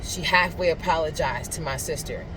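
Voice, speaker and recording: A woman's voice: low-pitched, moderate pace, background noise. Earnest woman telling a personal story. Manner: earnest, rambling, with many restarts. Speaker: faith vlogger. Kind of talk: casual spoken reflection and storytelling.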